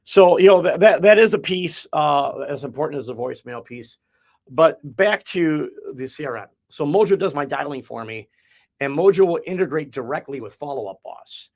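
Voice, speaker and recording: A man's voice: on the high side, expressive, normal speed, a little mellow. A man from the Midwest hosting a real estate podcast, explaining his methods in a folksy, rambling way with restarts. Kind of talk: casual podcast chat.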